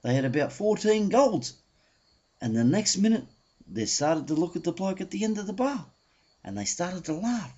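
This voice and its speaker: A man telling a joke in a halting, animated way with many restarts, in a dull lo-fi home recording. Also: sits high. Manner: animated, halting, full of restarts and changing voices. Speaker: joke teller.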